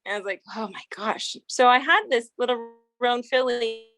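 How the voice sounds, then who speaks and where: A woman's voice: a little high, normal speed, a bit bright. A woman who trains and breeds horses, telling a long anecdote in a casual interview, rambling with restarts and laughing often.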